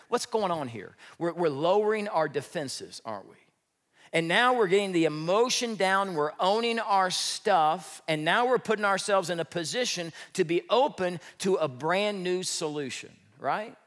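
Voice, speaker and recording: A man preaching a sermon as pastor, lively and joking, sometimes acting out what people say. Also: high-pitched, moderate pace. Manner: lively, joking, acts out quoted speech. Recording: reverberant church hall.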